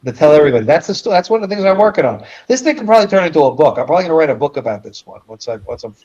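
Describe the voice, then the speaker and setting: Profane, animated New man. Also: fairly high pitch, rapid-fire. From New York. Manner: profane, blunt, heated. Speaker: journalist guest. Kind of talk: casual stream chat. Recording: dull lo-fi audio.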